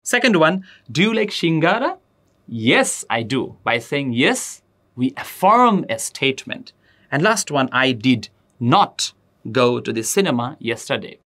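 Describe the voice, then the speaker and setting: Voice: medium pitch, big pitch swings, measured pace, a bit bright. A teacher giving a grammar lesson, addressing students directly and repeating example sentences with emphasis. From Bangladesh. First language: Bengali.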